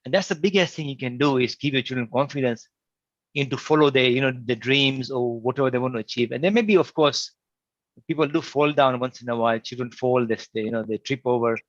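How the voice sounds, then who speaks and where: A man's voice: mid-range voice, a little fast, dry recording. Man telling anecdotes, dry dull audio. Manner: animated storyteller acting out quotes. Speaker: panelist. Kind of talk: anecdotal storytelling in discussion.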